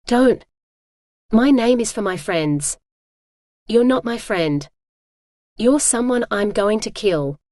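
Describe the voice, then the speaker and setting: A woman's voice: a little high, expressive, takes it slowly, pauses often, no echo, clean studio sound. A woman's synthetic reading voice speaking the lines of a defiant, furious young woman held captive. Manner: sharp, defiant.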